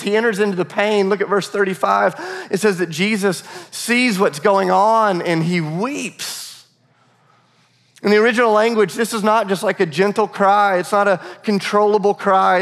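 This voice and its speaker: Guy pastor preaching, earnest, kinda high voice, echo of a big church hall. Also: fairly bright tone. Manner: earnest, repeats words, varies pace for emphasis. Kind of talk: sermon. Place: church sanctuary. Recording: long reverb of a large hall.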